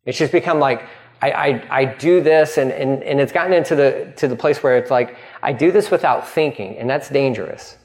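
A man preaching a sermon as pastor, animated and quick to act out voices, often restarting his sentences. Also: medium pitch. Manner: animated, acting out voices in dialogue; frequent restarts and stumbles.

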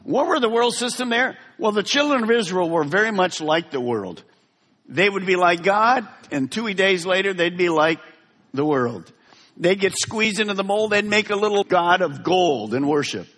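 A man preaching a sermon as pastor in a large church hall, dramatic, swinging from soft to loud. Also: high voice, expressive, normal speed. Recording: long reverb of a large hall.

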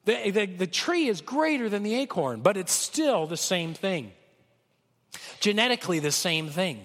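A man preaching a sermon with a cold, talking conversationally and swinging from loud peaks to soft lows. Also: sing-song, unhurried, long reverb tail. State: has a cold. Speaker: pastor.

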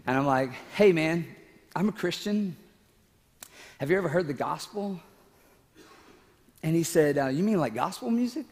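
A man's voice: a little high, expressive, moderate pace, pauses often, darkish tone, in a large hall. A man preaching a sermon, telling a personal story in a casual, emotional way, with laughing asides and moments where he fights back tears. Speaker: pastor.

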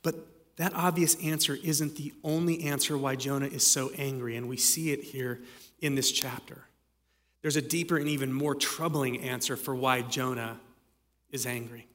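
A man's voice: medium pitch, steady tone, moderate pace, a bit bright, long reverb tail. A man preaching a sermon as pastor, conversational with dramatic readings.

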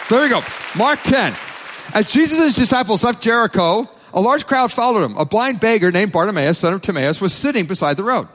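A pastor delivers his sermon with emphatic repetition. His voice sits high for a man. Long reverb from the church hall trails after every phrase. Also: lively intonation, a little fast, a bit bright, a faint crowd. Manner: emphatic, repeats phrases, quotes people in acted voices.

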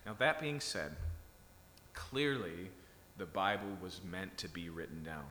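This sermon comes from a man with a deep, very animated, sharp-toned voice who takes his time. He talks conversationally, regularly checking in with listeners, in an echoey hall with slight background noise.

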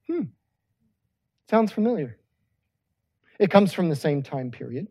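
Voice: medium pitch, animated, moderate pace, pauses often, warm tone. A pastor preaching a conversational sermon with joking asides.

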